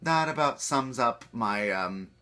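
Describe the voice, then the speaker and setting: Male comic, hoarse, bright tone, lively pitch, self-deprecating asides. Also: slow pace. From eastern Ontario, Canada. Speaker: comedian. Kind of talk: comedic monologue.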